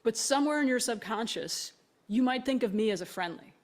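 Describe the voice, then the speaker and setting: A woman telling a story in conversation, animated, acting out the voices of the people she quotes and laughing often. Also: fairly high pitch, fairly quick. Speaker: speaker.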